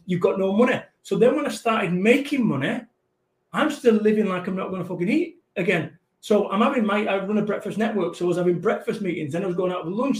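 A middle-aged man, a business coach and podcast guest, telling stories in a profane, emphatic, animated way. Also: sits high, reverberant, low-quality recording. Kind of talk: podcast conversation.

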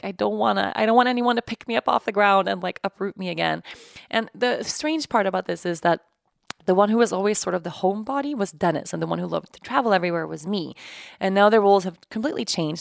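A woman in her thirties hosting a podcast, speaking candidly with halting fillers in a reflective personal monologue. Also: medium pitch, gravelly, no echo, studio quality. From Sweden. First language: Swedish. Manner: candid, halting, with frequent "like" fillers and soft laughs. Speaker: podcast host. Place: home apartment.

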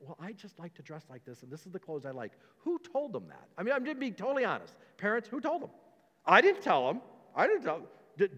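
A man's voice: fairly high pitch, fairly bright tone. A man pastor preaching a sermon in a conversational, emphatic way, firing rhetorical questions and repeating his points. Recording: long reverb of a large hall.

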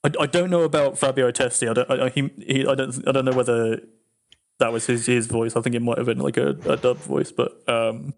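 A man's voice: mid-range voice, steady tone, brisk, gravelly. A man in a casual film discussion, hesitant, often stammering and restarting as he explains.

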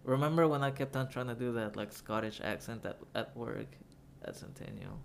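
Animated, laughing male podcast host. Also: mid-range voice, moderate pace, vocal fry, slight background noise. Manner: animated storyteller, laughs often, swears. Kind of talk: casual chat.

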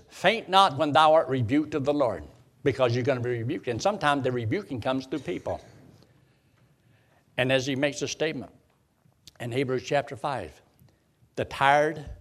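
A man preaching a sermon, quoting scripture in old-style wording and repeating phrases for emphasis. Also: mid-range voice.

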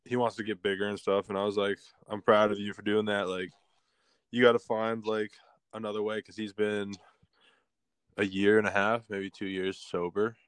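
Young dude co-hosting a podcast, real low flat voice, smooth, says like a lot. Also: male voice, normal speed, no echo. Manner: laid-back, storytelling with many fillers. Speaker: podcast co-host. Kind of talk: casual chat.

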